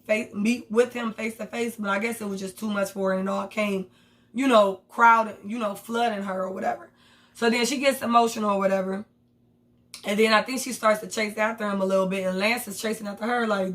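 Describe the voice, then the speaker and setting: Candid profane woman recapping a TV episode. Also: on the high side. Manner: candid, profane, animated retelling with quoted asides. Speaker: TV show reviewer. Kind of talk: casual recap commentary.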